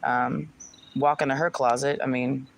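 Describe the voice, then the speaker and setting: A woman's voice: a bass voice, fairly even intonation, a little slow, vocal fry, slight background noise, low-quality recording. A woman vlogger ranting to the camera in an aggrieved, venting way, repeating herself and swearing. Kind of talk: personal rant to camera.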